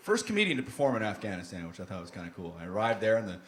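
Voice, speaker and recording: A man from Canada with a Northern Ontario accent doing animated stand-up comedy on a club stage. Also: lowish voice, rapid-fire. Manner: very animated, swaggering. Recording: live club, loud crowd and noise.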